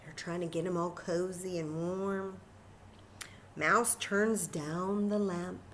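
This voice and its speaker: A woman librarian reading a picture book aloud at children's story time, animated and enthusiastic, talking to the kids. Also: lowish voice, takes it slowly, slight background noise.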